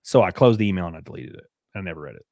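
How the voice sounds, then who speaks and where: A man's voice: sits low, expressive, racing, a little mellow, dry recording. A man in his thirties hosting a podcast, telling a personal story in a candid, rambling way with lots of fillers. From United States. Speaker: podcast host. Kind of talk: casual chat.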